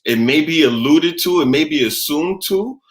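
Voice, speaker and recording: A man with a slightly high voice, talking in a relaxed, unscripted way as a co-host. He argues with insistence and keeps hammering the same point home. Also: moderate pace. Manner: insistent, argumentative, repeats his point. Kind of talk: casual debate.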